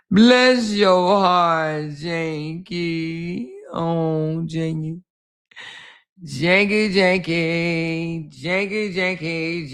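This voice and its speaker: Brash, bright-voiced woman livestreamer. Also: lowish voice. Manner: loud, mocking, laughing, swears a lot. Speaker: livestream commentary host. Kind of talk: profane comedic livestream commentary.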